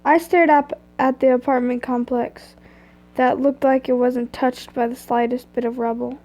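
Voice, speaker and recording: A young woman reads fan fiction aloud on a live stream in a high, mellow voice. Her delivery is casual and loose, with stumbles over words and chatty asides. She sounds like she is talking into a phone or computer mic. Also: fairly even intonation, moderate pace. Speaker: reader.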